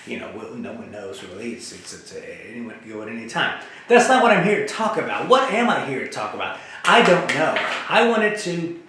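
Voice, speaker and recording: Rambling deadpan man in an echoey room. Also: medium pitch, a little hiss or hum. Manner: rambling, deadpan, jumps between topics; halting, many fillers and restarts. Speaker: host. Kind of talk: rambling comedic monologue to camera.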